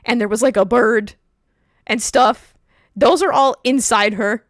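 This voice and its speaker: A woman hosts a casual livestream chat in a slightly high voice. She tells stories with animated energy and laughs often. Her voice sounds close and dry, with no room echo. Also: a little slow. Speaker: streamer host.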